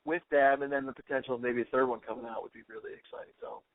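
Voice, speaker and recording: A man co-hosting a podcast in a casual chat, excitedly quoting lines and gushing over what he loves. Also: medium pitch, no room sound. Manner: excited, quick to quote lines. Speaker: podcast co-host. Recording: tinny phone-like sound, dry.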